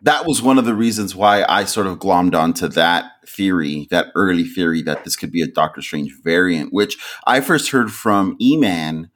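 A man co-hosting a podcast in casual chat, animated and often laughing. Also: sits low, moderate pace, hardly any pauses. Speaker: podcast co-host.

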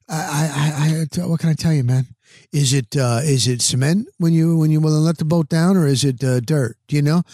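A man's voice: a little high, fairly quick, no room sound, clean studio sound. Rambling, exasperated male podcast host. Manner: rambling, exasperated, animated retelling. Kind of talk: casual storytelling monologue. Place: home back patio, outdoors.

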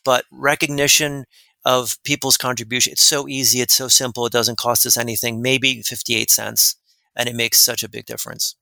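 A man, a guest expert on a podcast, telling rambling, animated anecdotes in an interview. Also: mid-range voice, normal speed, vocal fry, dry recording. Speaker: guest expert on workplace respect. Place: lives in New Jersey.

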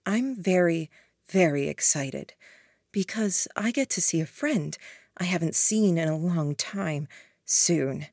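Woman reading as eerie gentle young woman, soft menacing threats, lowish voice, slow and measured. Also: expressive, no room sound, studio quality, exaggerated voice. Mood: softly menacing.

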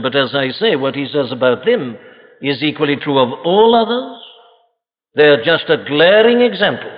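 A man preaching a solemn, emphatic sermon to a congregation, asking rhetorical questions. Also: a little high. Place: church congregation. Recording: lo-fi archive recording with long hall reverb.

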